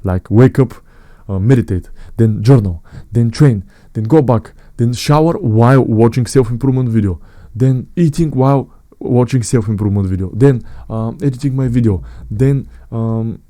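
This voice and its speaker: A man's voice: mid-range voice, normal speed, warm tone, no echo. A man, talking to his viewers in a blunt, earnest way about self-improvement, often repeating phrases and calling them guys. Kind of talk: direct-to-camera motivational talk.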